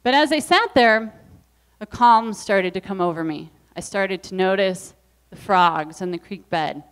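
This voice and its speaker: A woman's voice: medium pitch, measured pace, clear, resonant tone. A woman speaker at an evening event, telling a personal story in an earnest, reflective way. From US Midwest. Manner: earnest, reflective, acts out quoted voices.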